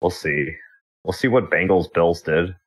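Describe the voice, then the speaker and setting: A man's voice: low-pitched, unhurried. A man co-hosting a comedy podcast, wry and offhand. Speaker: podcast co-host. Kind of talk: casual comedy banter.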